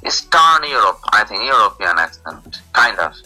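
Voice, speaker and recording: A man's voice: lowish voice, sing-song, normal speed, sharp tone, poor audio. A man from Bangladesh, a police officer, talking as a guest over an internet call with many hesitations. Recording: compressed online call with faint music.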